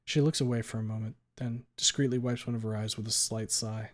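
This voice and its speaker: A man streaming himself reading a fan fiction aloud in an emotional first-person style, rushing some passages and stretching others out. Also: fairly low pitch, steady tone. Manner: emotional, pace swinging between rushed and drawn out.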